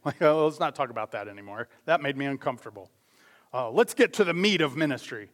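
A man preaching a sermon as pastor, talking conversationally with quick asides and self-corrections. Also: fairly high pitch, very animated, fairly bright tone. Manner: acts out voices in anecdotes.

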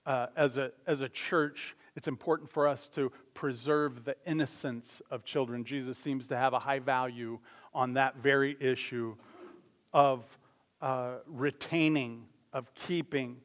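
A man preaching a sermon as pastor, talking conversationally with quick asides and self-corrections. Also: mid-range voice, steady tone. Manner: acts out voices in anecdotes.

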